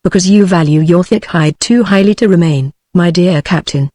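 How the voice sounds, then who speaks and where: A woman's voice: fairly low pitch, moderate pace, dry recording, studio quality, close to an everyday voice. A synthetic British woman reading a suave mocking adventurer. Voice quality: synthetic, even. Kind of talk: text-to-speech audiobook reading.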